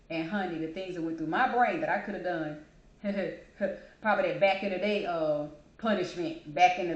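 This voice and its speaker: A woman's voice: lowish voice, dull audio. Chatty woman in an echoey room. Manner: emotional, chatty, smiles and laughs while talking. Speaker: host. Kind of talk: casual personal talk.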